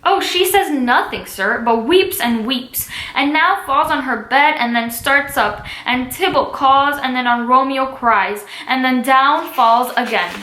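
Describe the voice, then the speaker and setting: A blunt, fussy middle-aged nurse pleads for news, as a woman reads her lines aloud. The voice is bright and sits fairly high. The recording has a roomy echo. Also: unhurried, few pauses. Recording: echoey room.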